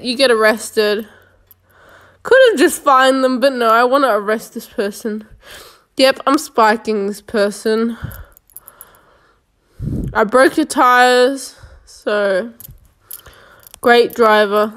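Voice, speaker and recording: A woman's voice: a little high, fairly bright tone. A woman giving casual, sarcastic running commentary while playing a police game, joking and talking to herself.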